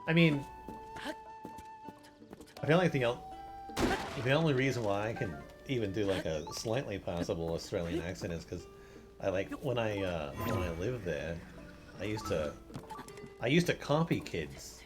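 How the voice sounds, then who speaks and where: Animated male game streamer. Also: on the low side, moderate pace, long pauses. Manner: laughs often, swears casually. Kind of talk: casual gameplay commentary. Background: game music.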